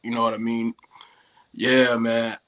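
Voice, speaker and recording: A man's voice: mid-range voice, monotone, unhurried, a bit bright. A man with an African American accent, a guest actor talking in a humble, grateful way, stumbling and restarting often. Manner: humble and grateful, with many restarts and "you know what I mean". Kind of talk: casual interview talk.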